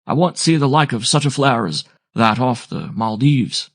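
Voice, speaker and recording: Guy putting on a hoarse old sailor at the wheel, gravelly, blunt and worked up, dry sound. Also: mid-range voice, moderate pace, no room sound, voice pushed up. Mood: excited. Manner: excited, blunt seaman's speech.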